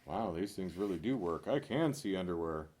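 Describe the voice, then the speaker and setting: Animated low-voiced man reading jokes. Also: normal speed. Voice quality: animated, jumps between loud punchlines and mumbled asides. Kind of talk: rapid-fire joke reading.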